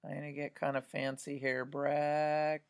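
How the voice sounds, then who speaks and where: A woman's voice: sits low, little pitch movement, normal speed, clear, resonant tone. A woman art teacher talks students through a drawing demonstration, chatty and often checking in with "right?".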